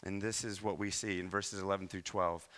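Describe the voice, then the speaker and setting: A man from Iowa preaching a sermon as pastor, with animated delivery and many rhetorical questions. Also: low voice, brisk. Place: church.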